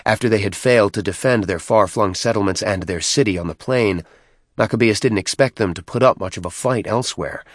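A man narrating a science fiction story in a measured, even way. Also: lowish voice, no echo, clean studio sound. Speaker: audiobook narrator. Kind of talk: scripted narration.

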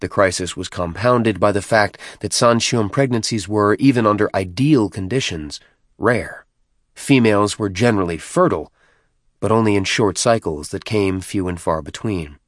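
This is scripted audiobook narration: a man with a lowish voice reading a novel aloud. He keeps a measured, even storytelling pace. The recording is dry and of studio quality.

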